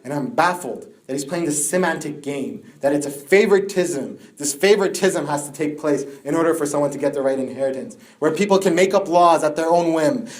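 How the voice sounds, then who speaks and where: Young man giving an impassioned religious lecture. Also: darkish tone. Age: young adult. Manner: climbs to high-pitched, tearful lament.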